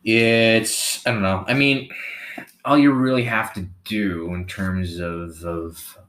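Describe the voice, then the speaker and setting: Deep-voiced man, dry sarcastic. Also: slow, slight background noise, rough recording. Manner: relaxed, dry sarcastic humor. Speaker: podcast co-host. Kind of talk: casual chat. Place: living room couch.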